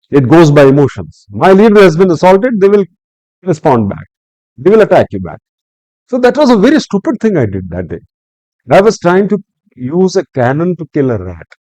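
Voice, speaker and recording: An older man with an Indian English accent, a retired civil servant, tells stories in a podcast interview, animatedly acting out his own angry words and then lecturing on the lessons they hold. His voice is a little high, and the audio is poor with no room sound.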